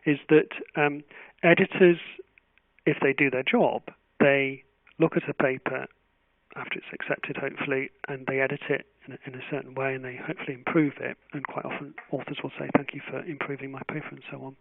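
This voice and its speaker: A man answering webinar questions as a journal editor, speaking in a thoughtful, measured way with frequent restarts. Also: mid-range voice, level tone, vocal fry, no room sound. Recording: tinny phone-like webinar audio.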